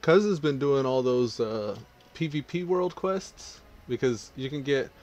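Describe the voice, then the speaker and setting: A man's voice: mid-range voice, unhurried. Laid-back man narrating his gameplay. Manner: relaxed, chatty, thinking aloud. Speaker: gaming streamer. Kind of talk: casual gameplay commentary.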